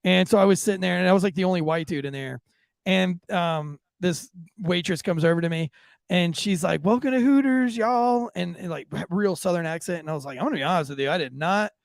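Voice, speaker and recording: A man's voice: on the high side, creaky, dry recording, clean studio sound. A man co-hosting a podcast in casual chat, crude and joking, swearing freely. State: married. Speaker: podcast co-host.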